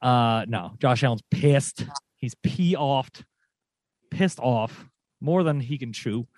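A man's voice: mid-range voice, slow pace, darkish tone, no echo. A winded man co-hosting a casual sports podcast, goofy and rambling as he jokes. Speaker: podcast co-host.

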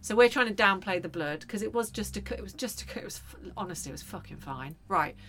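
Bright-voiced woman telling a story. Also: mid-range voice, fast. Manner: animated storytelling, swearing. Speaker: podcast co-host. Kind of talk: casual chat.

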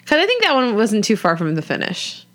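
A woman's voice: on the high side, huge pitch swings, fairly quick, a bit bright. A woman co-hosting a podcast in casual chat, chatty and laughing, swearing freely.

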